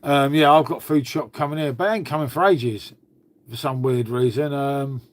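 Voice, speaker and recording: A man with a mid-range voice speaks at normal speed as he hosts a laid-back livestream. He chats with viewers and swears liberally while talking to his dog.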